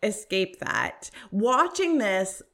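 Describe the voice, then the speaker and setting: A woman's voice: medium pitch, slow, creaky. Chatty young woman reviewing a film. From North America. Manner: animated, chatty, lots of "like" fillers. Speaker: podcast co-host. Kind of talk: casual chat.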